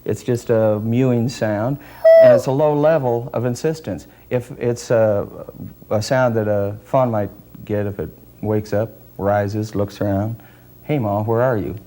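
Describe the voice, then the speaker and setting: A man being interviewed as a deer calling expert, explaining in a measured, technical way with frequent pauses and hesitations. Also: fairly low pitch, fairly even intonation, background noise.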